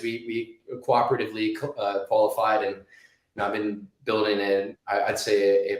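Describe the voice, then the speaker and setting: A man's voice: fairly low pitch, roomy sound, poor audio. A man in his thirties telling a personal story as an interview guest, rambling with many restarts and fillers.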